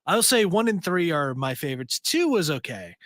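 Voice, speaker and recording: A man co-hosting a casual podcast chat, enthusiastic and a bit rambling. His voice sits a little high and sounds bright and forceful. The recording is dry and close. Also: very animated, normal speed, no room sound. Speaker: podcast co-host.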